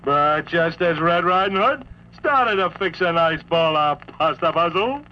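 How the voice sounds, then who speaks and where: A man narrating a comic storybook record in a wry, deadpan way with joking asides. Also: a little high, unhurried. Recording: dull lo-fi vintage record with faint hiss.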